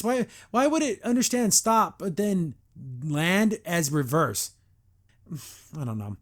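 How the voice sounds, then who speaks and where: A man's voice: sits high, expressive, measured pace. Exasperated man reviewing a cartoon. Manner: exasperated, sarcastic, acts out characters' lines. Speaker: podcast host reviewing a cartoon episode. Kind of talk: casual episode review.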